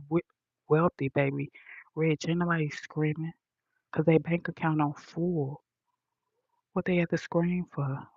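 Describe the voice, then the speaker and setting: Lady ranting into her headphone mic, low-key and flat, cussing a lot, dull lo-fi sound. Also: no room sound. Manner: blunt, profane, soft-spoken. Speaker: vlogger. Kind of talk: casual rant to viewers. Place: high-rise condo.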